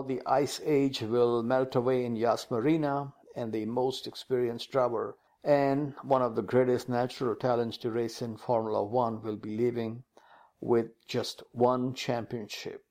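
A man runs through racing news as a podcast co-host, his voice rising and falling in a lively, joking way. He addresses his partner as "sir". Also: medium pitch. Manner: animated, calls partner "sir". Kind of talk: casual news chat.

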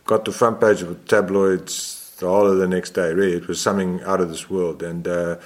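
A man's voice: low voice, fairly quick. A man in his sixties, a photographer guest in an interview, telling a long story in a rambling way, often correcting himself. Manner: rambling, self-correcting, animated.

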